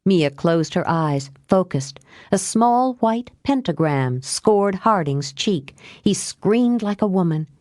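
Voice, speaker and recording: A woman narrating an audiobook in a measured, unhurried way. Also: fairly low pitch, lively intonation, a little mellow, no echo, studio quality. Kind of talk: scripted narration.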